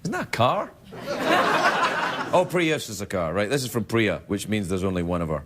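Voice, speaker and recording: Playful talk show host. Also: male voice, sing-song. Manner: playful, rambling, jokey, quick pitch jumps. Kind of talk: comic monologue reading viewer emails. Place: TV studio with live audience. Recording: broadcast with loud audience laughter and noise.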